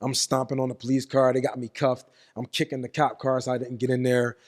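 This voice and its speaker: A man being interviewed, telling a story with animated profanity and acting out what people said. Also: mid-range voice, brisk. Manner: animated, profane, acts out quotes. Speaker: guest.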